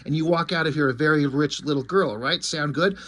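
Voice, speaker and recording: A blunt comic-book soldier, as a reader puts him on, rattling off a dismissive deal in a quick, husky voice. He talks down to everyone. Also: on the high side, fairly bright tone. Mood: condescending.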